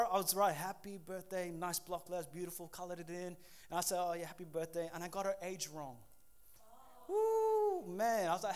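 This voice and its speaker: A pastor in his thirties preaching a sermon, animated, acting out quick voices and laughing at himself. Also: high voice.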